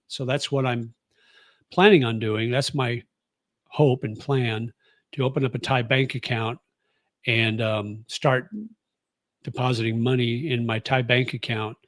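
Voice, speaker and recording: A man's voice: mid-range voice, steady tone, a little slow, no room sound. A man in his sixties from the United States, chatting casually as a vlogger and answering viewer comments in a rambling, easygoing way. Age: 60s. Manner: rambling and easygoing, with many fillers and restarts. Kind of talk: casual chat.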